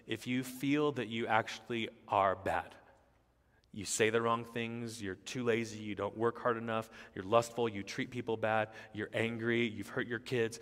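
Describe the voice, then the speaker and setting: Low-pitched male pastor, emphatic repetitive sermon delivery, long hall reverb. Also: steady tone, moderate pace.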